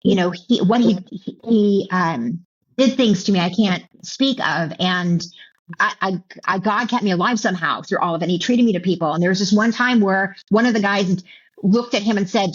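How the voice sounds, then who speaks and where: A middle-aged woman telling her personal story as an interview guest, halting and emotional, with many restarts and repeated words. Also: medium pitch. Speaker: author and keynote speaker, guest. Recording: dull lo-fi audio.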